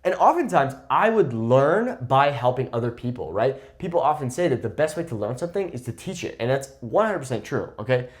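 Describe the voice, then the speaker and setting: Lively young man teaching, animated pitch. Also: a little fast, few pauses. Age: 20s. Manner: lively, emphatic, repeats "okay?" to check in. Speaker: Spanish teacher. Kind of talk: casual talking-head lesson.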